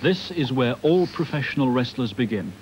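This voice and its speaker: A man's voice: medium pitch, animated, moderate pace, noisy background. A British man giving matter-of-fact scripted narration for a documentary.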